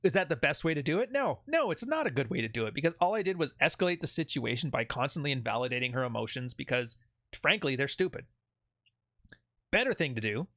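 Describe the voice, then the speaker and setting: A man's voice: a little high, very animated, quick pace, fairly bright tone, no echo, studio quality. A man hosting a channel, giving blunt, profane advice in a casual monologue. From Canada. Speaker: channel host.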